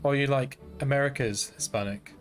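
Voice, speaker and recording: A man's voice: mid-range voice, brisk, soft background music. A British man in his twenties chatting casually to viewers on a game stream, rambling and slangy and laughing often. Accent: British English. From Britain. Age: 20s. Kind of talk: casual gaming stream chat.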